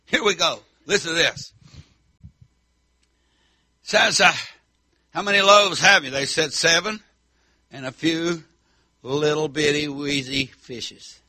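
A middle-aged man preaching a fiery country sermon, whooping and shouting, then dropping low and soft. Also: slow pace, long pauses, no room sound.

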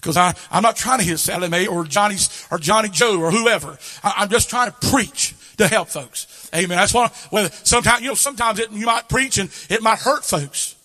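A man from Kentucky with a Kentucky Southern accent, preaching a revival sermon that swells into shouted, chanting passages. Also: high-pitched, moderate pace, few pauses, long reverb tail.

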